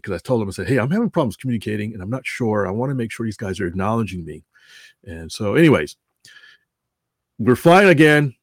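A man's voice: fairly low pitch, no room sound, studio quality. Man telling a rambling story. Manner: rambling, self-correcting, chuckling. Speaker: announcer at a model airplane show. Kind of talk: casual storytelling.

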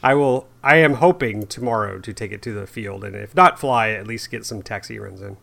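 A man's voice: fairly low pitch, brisk, gravelly, fairly bright tone. A man co-hosting a casual hobby podcast, rambling with frequent laughs and self-deprecating asides. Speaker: podcast co-host. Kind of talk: casual chat.

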